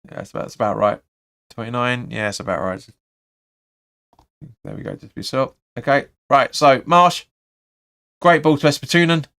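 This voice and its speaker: A man at a middling pitch hosts a live football watch-along, rattling off play-by-play in a clear, rounded voice. He reads out viewer comments and answers them with blunt opinions. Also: fairly even intonation, moderate pace, pauses often, fairly bright tone. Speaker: fan channel host.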